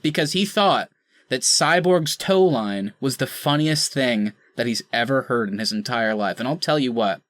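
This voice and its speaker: Animated joking man, bright dry voice. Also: medium pitch, moderate pace, no room sound. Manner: animated, jokey, mock-outraged impressions. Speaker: podcast co-host. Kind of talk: casual podcast banter.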